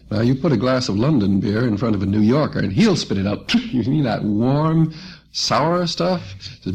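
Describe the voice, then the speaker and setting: A man's voice: lowish voice, vocal fry, a little mellow, slightly rough. A man being interviewed as a folk musician in a radio studio, telling stories in a folksy way and acting out quoted voices. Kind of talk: relaxed storytelling radio interview. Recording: muffled old radio recording.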